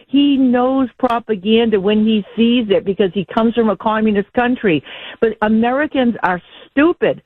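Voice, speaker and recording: A woman's voice: fairly high pitch, moderate pace, no echo. A woman calling in to a talk radio show, speaking in an indignant, rambling, frustrated way. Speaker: caller. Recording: tinny phone line.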